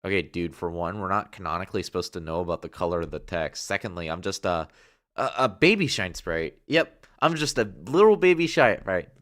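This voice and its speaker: A man's voice: deep voice, lively intonation, a little fast, fairly bright tone, no room sound, studio quality. A man voicing a cocky, slangy fake spirit who insists he is a baby sprite, reading game dialogue aloud. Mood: brash. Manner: slangy, brash surfer-bro talk.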